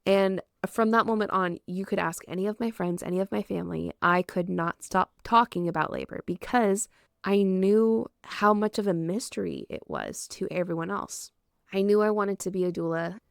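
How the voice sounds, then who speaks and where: Earnest woman podcast host with gravelly voice. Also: on the low side, no echo, studio quality. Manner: earnest, heartfelt, emphatic. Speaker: podcast host, doula and childbirth educator. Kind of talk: personal storytelling monologue.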